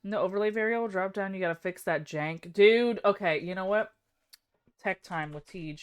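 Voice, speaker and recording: A young woman live streamer chatting casually, excitable and self-deprecating. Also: mid-range voice, moderate pace, smooth.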